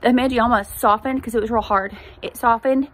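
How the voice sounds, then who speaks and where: Woman, mother, podcast host, slightly higher voice, earnest conversational faith testimony. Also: fairly even intonation, fairly quick, fairly bright tone, a little hiss or hum.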